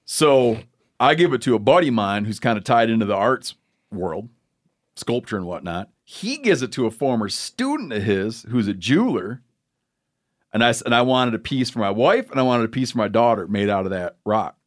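A man's voice: mid-range voice, expressive. A man hosting a podcast, telling a rambling story in casual, joking chat. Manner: storytelling, joking, drawn-out asides. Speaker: podcast host.

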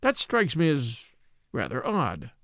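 A man's voice: medium pitch, wildly swooping pitch, slow, no room sound, clean studio sound. A man reading the part of a formal, severe middle-aged French magistrate. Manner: formal, polite but severe. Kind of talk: audiobook character reading.

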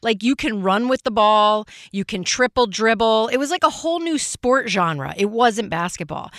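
A woman in her forties, a makeup artist guest telling stories loudly and brashly. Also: mid-range voice, normal speed, few pauses, dry recording, clean studio sound. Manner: loud, animated, brash. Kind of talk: casual storytelling.

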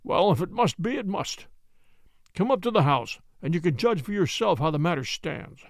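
A man voicing a huge, fierce middle-aged baronet who shouts in a loud, truculent, bullying way, read from a storybook. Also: sits high, expressive, normal speed, no echo, clean studio sound. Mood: grudging.

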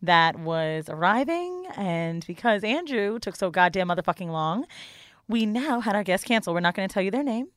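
A woman's voice: mid-range voice, very animated, normal speed, no echo, clean studio sound. A woman co-hosting a podcast, teasing her co-host in casual, profane banter. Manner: profane, teasing, laid-back.

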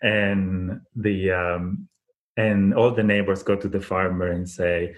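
A man's voice: low voice, steady tone, slow pace. A man speaking as an interview guest, telling a folk parable in a thoughtful, reflective way with frequent restarts. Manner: thoughtful, many restarts and fillers. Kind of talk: reflective conversational storytelling.

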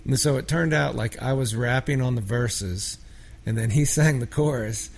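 A man's voice: mid-range voice, normal speed, a little hiss or hum. A man from a small town in Pennsylvania, a songwriter telling rambling, filler-heavy stories in a casual interview. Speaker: songwriter guest.

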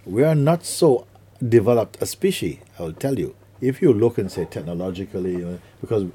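A middle-aged man gives a spiritual talk to listeners in a very deep, low voice. His tone is dark and mellow. He is unhurried and earnest, and he acts out little quotes and images as he teaches. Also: lively intonation, slightly rough.

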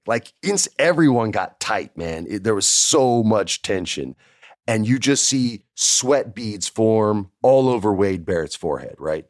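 A man telling a casual anecdote in an animated way, often adding "like" and "right?". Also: fairly low pitch, no room sound, studio quality.

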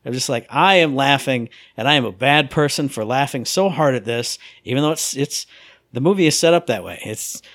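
Animated man telling stories. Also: medium pitch, fairly quick, no echo, studio quality. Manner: animated storyteller, acts out his own inner voice. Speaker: podcast co-host. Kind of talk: casual chat.

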